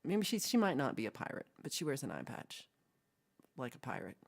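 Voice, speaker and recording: Her voice rumbles low and gravelly, with big pitch swings and a brisk pace. Co-hosting a livestream, she rambles loosely through viewers' comments, giggling and tossing in playful asides.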